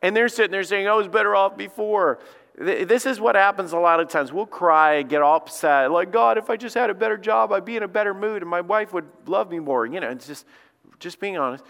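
This lead pastor's voice is high, creaky and fairly bright, moving a little fast as he preaches. He keeps the sermon conversational and acts out the quotes he cites. The church sanctuary gives the recording a long hall reverb.

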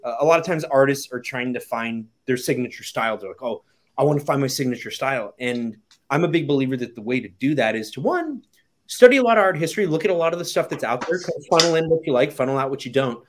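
A man's voice: medium pitch, animated, quick pace, slight background noise. A man hosting a podcast in casual chat, talking frankly and swearing now and then. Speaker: podcast host.

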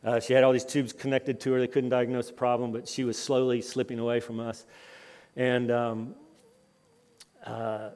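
A man in his fifties giving a conference sermon, telling personal stories with lively rises and drops in his voice. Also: medium pitch, moderate pace. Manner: lively storytelling, voice rising and dropping with the tale. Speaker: conference speaker. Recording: long hall reverb.

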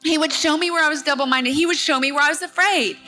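A woman's voice: high-pitched, fast, music in the background. A woman preaching a sermon as a guest speaker, earnest and at times tearful, speaking straight to her congregation.

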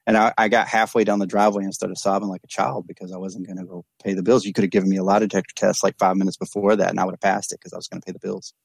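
A man from East Texas, an addiction counselor, talks earnestly and reflectively on a candid podcast, often restarting and repeating words. His low, gravelly voice has a breathy edge and little pitch movement, coming rapid-fire with few pauses. The recording is dry.

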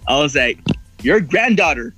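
A man's voice: fairly high pitch, sing-song, normal speed, pushed and bright, soft background music, poor audio. Rambling, profane young-sounding man telling a story. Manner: rambling, heavy swearing, acts out quoted voices. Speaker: podcast guest. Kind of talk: casual storytelling.

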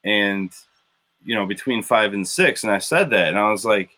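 A man's voice: fairly low pitch, moderate pace, bright, forceful tone. A man from Illinois, co-hosting a casual podcast chat about a TV show and rambling as he tells stories. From Wilmington, Illinois, USA. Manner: rambling, repeats himself while telling stories. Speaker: podcast co-host.

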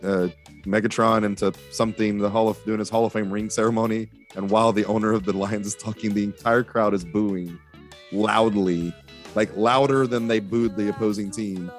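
A man's voice: lowish voice, steady tone, normal speed, soft background music. A man on a casual sports chat panel, telling stories and often repeating words as he gets going. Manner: chatty storyteller, repeats words as he starts. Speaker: regular panelist.

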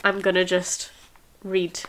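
A woman chatting casually about a novel in an amused, halting way, full of fillers. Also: fairly low pitch, monotone, a bit bright.

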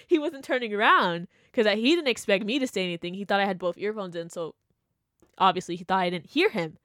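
A young woman telling a story in casual chat, animated and full of fillers, acting out what people said. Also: mid-range voice, brisk, dry recording, studio quality. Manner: animated, chatty, full of "like" and laughter, acts out quotes. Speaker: vlogger.

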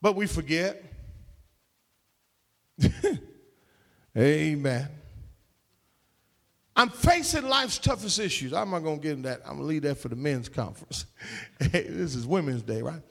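A man's voice: a little high, lively intonation, a little slow, creaky, pauses often, a bit bright. A man preaching a sermon in an emphatic, call-and-response way, with folksy slang.

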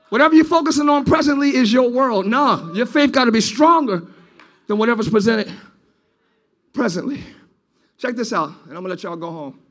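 A pastor preaching a sermon to his church, moving between loud, drawn-out shouted lines and quiet, close, conversational stretches. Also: very high voice, lively intonation. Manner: preaching, swings from shouting to quiet intimate talk.

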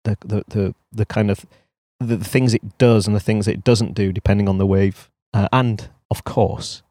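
A man's voice: fairly low pitch, steady tone, moderate pace, warm tone, no room sound, clean studio sound. A man co-hosting a podcast in casual chat, thinking aloud in a reflective way. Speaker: podcast co-host.

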